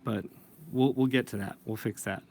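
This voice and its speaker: A comic book inker teaches inking in a casual tutorial, thinking aloud and correcting himself as he works. His voice is medium-pitched, steady and a little mellow, at a moderate pace.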